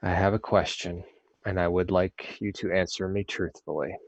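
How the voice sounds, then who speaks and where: Deep-voiced man, slow and measured. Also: fairly even intonation, no echo, lo-fi sound. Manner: slow, measured, fatherly lecturing in character. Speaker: player. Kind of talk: playing a tabletop game in character.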